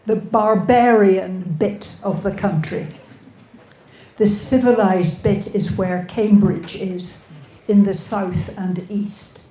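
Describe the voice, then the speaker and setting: An older woman with a slight Scottish accent, answering audience questions at a public lecture in a measured, plain-spoken way with dry humour. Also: mid-range voice, warm tone. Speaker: astrophysicist giving a public lecture. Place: lecture hall. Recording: echoey lecture hall.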